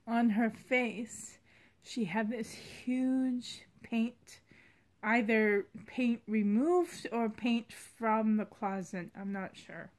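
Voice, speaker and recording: Woman, doll collector vlogger, slow and unhurried, slightly high voice, heartfelt rambling. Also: fairly even intonation. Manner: rambling, heartfelt, soft-spoken. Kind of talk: casual vlog chat.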